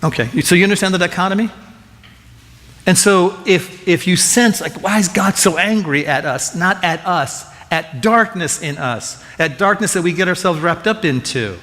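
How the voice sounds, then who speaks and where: A man preaching a sermon as pastor, animated and conversational, often restarting and repeating words as he gets excited. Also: sits high, normal speed, long reverb tail.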